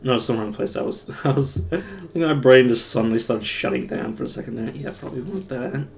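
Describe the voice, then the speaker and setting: A man's voice: mid-range voice, lively intonation, brisk. A man streaming a game live, thinking aloud in a rambling, self-mocking way. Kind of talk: casual live-stream gameplay commentary.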